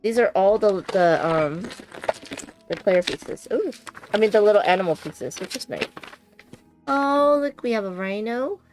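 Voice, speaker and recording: A woman's voice: mid-range voice, animated, unhurried, a little mellow, soft background music. A woman chatting casually and giggling as she unboxes a board game on a stream, thinking aloud as she goes.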